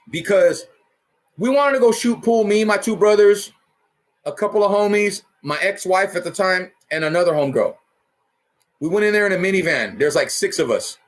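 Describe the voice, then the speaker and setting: A man casually telling a rough story in heavy profanity and street slang, punching it up with sound effects. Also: high voice, a bit bright. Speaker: storyteller host.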